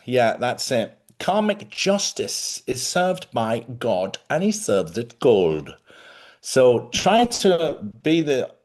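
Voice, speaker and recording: Chatty man hosting a spiritual live stream. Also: medium pitch. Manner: chatty, animated, laughs often. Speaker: spiritual host.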